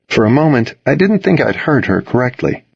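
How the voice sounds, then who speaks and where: Male first-person audiobook reader, low husky voice, dull dry recording. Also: brisk, no echo. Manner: earnest, expressive dialogue reading. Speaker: audiobook narrator.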